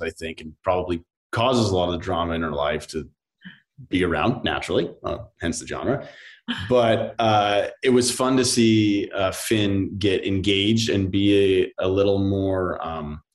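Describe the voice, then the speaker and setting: A man in his thirties, a soap actor as an interview guest, talking in a relaxed, rambling way with many fillers and quoted asides. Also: sits low. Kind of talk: casual interview chat.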